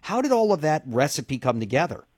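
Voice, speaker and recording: A man's voice: on the high side, sing-song, fairly quick, darkish tone, no room sound, studio quality. A man hosting an interview show, asking long, winding questions with enthusiasm. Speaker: interview host. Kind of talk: interview podcast.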